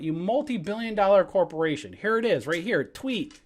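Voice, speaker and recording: A man in a heated, profane rant about the markets, bursting loud and then dropping to mutters. His pitch swings widely from line to line. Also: big pitch swings, moderate pace. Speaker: stock trading educator. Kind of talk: angry livestream rant.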